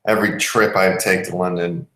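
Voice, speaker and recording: Male podcast host with a low voice, rambling through a casual story in a roomy, echoey room. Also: little pitch movement, normal speed, a bit bright. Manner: rambling, restarts mid-sentence.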